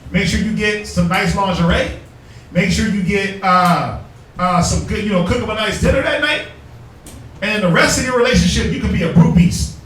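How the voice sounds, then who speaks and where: A man's voice: high voice, normal speed, fairly bright tone. A man leading a preaching class lesson, emphatic, with rhetorical questions and street slang. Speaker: class teacher. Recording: echoey room from far off, faint noise.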